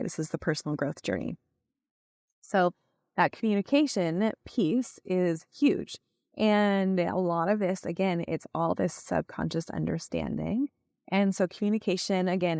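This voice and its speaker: A woman's voice: fairly low pitch, gravelly, darkish tone, no echo, clean studio sound. A woman hosting a podcast, teaching listeners in a coaching tone, using many "like" fillers and checking that they follow. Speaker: podcast host.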